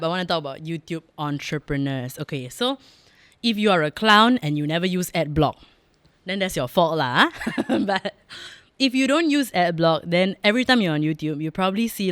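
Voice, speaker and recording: A woman's voice: fairly low pitch, no echo. A woman with a Singaporean accent hosting her own podcast in a studio, talking frankly and jokingly and laughing often. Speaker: podcast host. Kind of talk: casual chatty monologue. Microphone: close studio mic.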